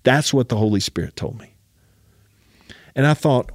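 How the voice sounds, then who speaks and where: A man's voice: mid-range voice, moderate pace, dry recording, studio quality. Emphatic man preaching a personal story. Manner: emphatic, keeps urging listeners to listen. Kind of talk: sermon storytelling.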